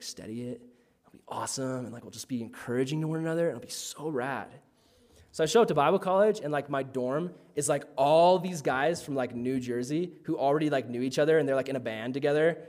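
A man's voice: mid-range voice, fast talker, a little mellow. A man telling a personal faith story in a casual way, full of "like" fillers.

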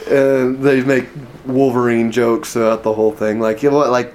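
A man's voice: mid-range voice, slow pace, long pauses, slight background noise. A man co-hosting a podcast, retelling scenes and putting on voices as he chats casually. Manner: animated retelling with voiced quotes and laughter. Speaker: podcast co-host. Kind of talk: casual chat.

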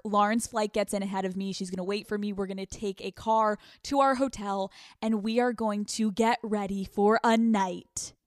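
A woman's voice: mid-range voice, no echo. Young woman podcast host, brash and profane, mid-range voice, dry booth sound. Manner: brash, profane, swings between loud and hushed. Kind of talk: solo podcast monologue.

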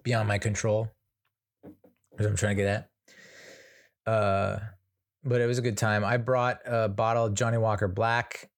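A man's voice: on the low side, little pitch movement, moderate pace, long pauses. An American man hosting a casual solo podcast, telling stories in a chatty, self-mocking way. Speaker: podcast host.

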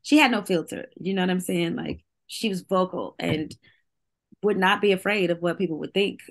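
A woman's voice: on the low side, moderate pace. A middle-aged woman, a singer, talking candidly as a guest, chatty and full of "like" and restarts, laughing often. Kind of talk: candid casual chat.

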